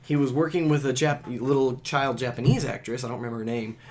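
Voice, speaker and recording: A man co-hosting a casual podcast, excitable and rambling, laughing often. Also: mid-range voice, fast talker. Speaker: podcast co-host. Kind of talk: casual chat.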